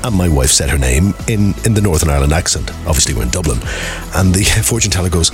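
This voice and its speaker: A man's voice: sits low, expressive, fast, over music. A man hosting a radio show, telling a story in a wry, cynical, casual way. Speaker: radio host.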